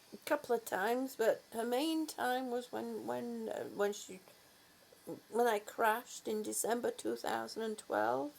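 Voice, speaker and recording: A woman's voice: a little high, vocal fry, slight background noise. A woman vlogger in a casual morning chat, affectionately greeting viewers and fussing over her dog.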